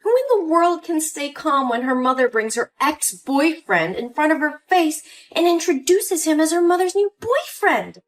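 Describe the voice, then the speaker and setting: Casting: a woman playing a pleading young daughter, high-pitched and very expressive, faint music behind. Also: moderate pace, few pauses. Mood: upset. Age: young adult. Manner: pleading and indignant. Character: hurt young adult daughter, pleading and upset. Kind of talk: scripted story voice acting.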